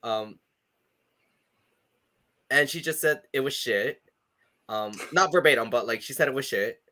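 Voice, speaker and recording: Chatty man with a bright voice. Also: medium pitch, a little slow. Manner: chatty, laughs often, many fillers. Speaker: podcast co-host. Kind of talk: casual chat.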